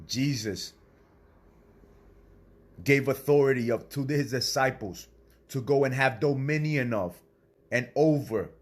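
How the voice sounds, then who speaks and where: A man delivering a blunt, profane motivational sermon, preaching in a confrontational way to other men and swearing freely. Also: medium pitch. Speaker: self-styled spiritual speaker.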